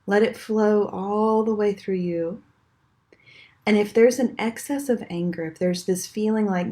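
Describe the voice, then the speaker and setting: A woman guiding a meditation in a soft, slow, soothing way, her voice trailing off quietly at the end of phrases. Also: medium pitch. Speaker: energy healing teacher. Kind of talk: guided meditation.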